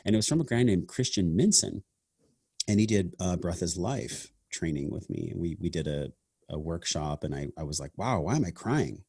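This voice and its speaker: A man's voice: low-pitched, moderate pace, warm tone, husky, no echo, clean studio sound. A man hosting a podcast, speaking in a reflective, earnest and casual way, often saying "man" and "like". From half Sicilian family heritage. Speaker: podcast host. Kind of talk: casual conversation.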